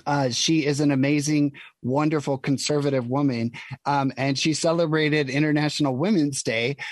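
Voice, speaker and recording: A man's voice: a little high, fairly even intonation, moderate pace, dry recording. A man from Utah giving an emphatic, indignant opinion monologue, full of ums and you-knows. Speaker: political commentator.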